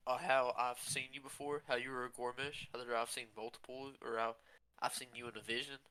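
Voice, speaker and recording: A man's voice: medium pitch, little pitch movement, fairly quick, pushed and bright, clean tone. A man playing his character in a tabletop game, earnest and pleading for answers. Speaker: player. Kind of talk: in-character tabletop role-play.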